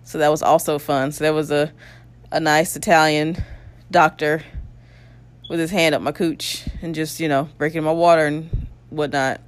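A woman's voice: deep voice, level tone, moderate pace. A young adult woman casually telling her birth story, candid and blunt, with crude humor and frequent laughs.

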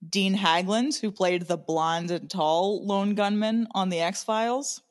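A woman's voice: medium pitch, takes it slowly. A woman co-hosting a podcast, telling a story in a chatty, sarcastic way and swearing freely. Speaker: podcast co-host.

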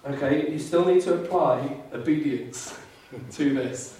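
A man's voice: a little high, moderate pace, few pauses, darkish tone, a little hiss or hum. A man preaching a sermon with earnest fervour, now and then mimicking grumbling churchgoers in a put-on voice. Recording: very echoey hall, mic far off.

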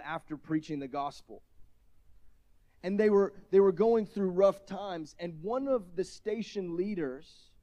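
A man delivering a sermon in a mellow, warm voice. He talks conversationally, tells stories with self-deprecating asides, and rises to loud shouts at the emotional peaks. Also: on the high side. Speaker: pastor.

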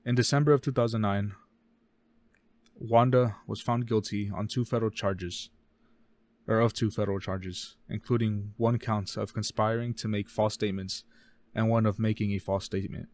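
Casting: deep-ish male podcast co-host, dry close sound, quick reading with stumbles and self-corrections. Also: steady tone, no room sound. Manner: reads case notes fast, stumbles and corrects himself. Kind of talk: casual true-crime podcast reading.

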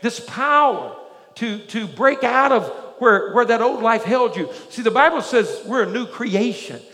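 A man preaches to his congregation in a strikingly high voice, full of energy and forever checking that they're with him. His sermon rings through a large church sanctuary, and every phrase trails off into a long reverb. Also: measured pace. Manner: energetic preaching with frequent call-and-response questions. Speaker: pastor.

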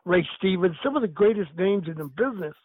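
An older man, a retired wrestler, tells animated stories during a casual phone chat. His voice is high, husky and quick, with no echo, though the phone line sounds tinny.

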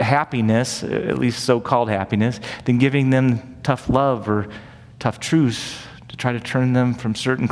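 Pastor, male, mid-pitched, earnest conversational sermon style, long hall reverb. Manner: earnest, conversational preaching with rhetorical questions. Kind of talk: sermon teaching.

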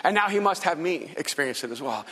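A man preaching a sermon as pastor, telling stories with animation and turning soft and earnest for his appeals. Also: fast talker, breathy edge. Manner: animated storytelling, acts out quoted people in a higher voice. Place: large church hall. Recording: long hall reverb.

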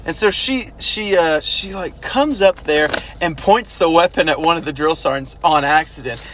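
A man casually telling stories from basic training, animated and swearing, now and then shouting out quoted orders. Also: a little high, normal speed, noisy background. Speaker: former army recruit telling stories. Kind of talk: casual storytelling chat.

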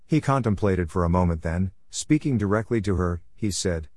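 A man with a fairly low voice reads a story aloud in a measured, even storytelling manner. The recording is close and dry, with no room sound. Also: dry recording. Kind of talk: storybook narration.

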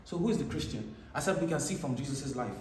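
A man preaches a sermon in a mid-range, darkish voice, talking quickly with lively intonation. Between plain explanations he reads scripture aloud in a raised, emphatic voice. The distant mic in an echoey room picks up a little hiss or hum.

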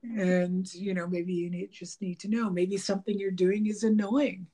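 A woman's voice: medium pitch, normal speed. A woman talking casually about relationships, rambling with many fillers and restarts, laughing and acting out bits of dialogue. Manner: animated, laughing, mimics dialogue.

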